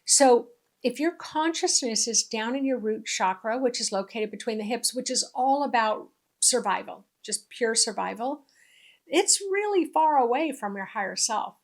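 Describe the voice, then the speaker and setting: A woman's voice: on the high side, lively intonation, moderate pace. A woman spiritual teacher talking in a casual, conversational way, often repeating her points for emphasis.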